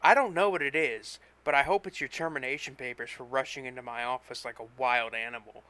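A man reading a story, voicing a gruff, dismissive office coworker in a bad mood. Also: medium pitch, fairly even intonation, brisk, sharp tone, no echo, close to an everyday voice. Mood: grumpy. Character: grumpy, sour male office coworker.

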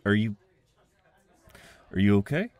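A kind, teasing young guy at a house party, as a man acts him out in an audio role-play. His voice sits a little low and he talks in an unhurried, coaxing way, often breaking into soft chuckles. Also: lively intonation, dry recording. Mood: gentle, teasing.

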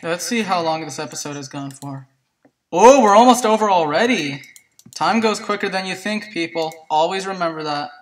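A gameplay commentator chatting to viewers in a let's play, excitable and prone to yelps and shrieks at surprises. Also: medium pitch, normal speed, recorded from a distance, poor audio. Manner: chatty, talks to viewers as "guys".

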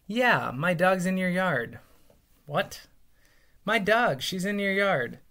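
A man voicing a young boy who pleads high and near tears for his lost dog. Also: animated, slow, bright, forceful tone, heavily acted. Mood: insistent.

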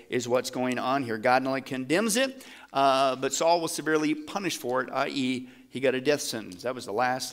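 A middle-aged male pastor delivering a lively sermon, his voice sitting a bit high. He keeps tossing questions to the audience and slips into casual slang as he teaches.

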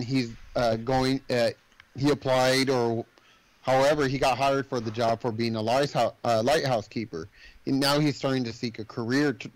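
A man's voice: medium pitch, dry recording, poor audio. Man rambling through a movie recap, dry sound. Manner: rambling, filler-heavy retelling with acted-out quotes. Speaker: podcast host. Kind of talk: casual movie podcast chat.

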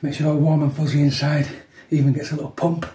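A man's voice: on the high side, little pitch movement, quick pace. A man in his fifties, chatting casually through a home workout and tacking "yeah" onto his lines, keeping his voice down at home. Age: 50s. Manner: chatty, keeps adding "yeah", talks softly to avoid waking people. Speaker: fitness vlogger. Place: room at home. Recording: echoey room, mic at a distance.

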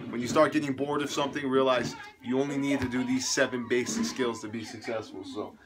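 A man's voice: medium pitch, flat delivery, fairly quick, background noise. A young man vlogging at home after a hard workout, sweaty and tired, talking in an upbeat, chatty, motivational way as a fitness coach. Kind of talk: casual motivational vlog. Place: home living room.

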